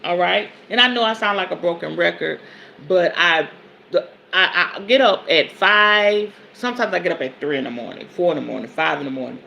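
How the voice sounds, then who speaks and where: This is a woman in her forties with a bright, forceful voice. She hosts a podcast, reading self-help passages aloud and then preaching on them. She is emphatic and colloquial, with faint noise behind her. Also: on the low side, lively intonation, a little fast, vocal fry, highs cut off. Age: 40s. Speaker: podcast host and spiritual advisor.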